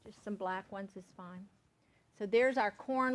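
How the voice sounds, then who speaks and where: Southern woman, middle-aged, slightly high voice, folksy cooking demo chatter. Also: unhurried. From Savannah, Georgia, USA. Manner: chatty, folksy, checks in with "okay?". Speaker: cooking class instructor. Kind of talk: live cooking demonstration.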